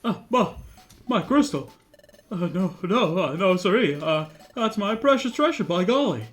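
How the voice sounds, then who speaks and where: A man's voice: high voice, expressive, measured pace, soft background music, voice pushed up. A man doing a stammering Southern-accented beaver creature. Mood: flustered. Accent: put-on Southern US. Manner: stammering, hesitant, folksy. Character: bumbling male beaver-like creature, folksy and timid.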